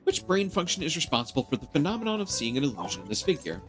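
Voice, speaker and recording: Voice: mid-range voice, sing-song, racing, soft background music. A streamer chatting with friends and reading game dialogue and quiz questions aloud. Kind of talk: let's-play chat and reading aloud.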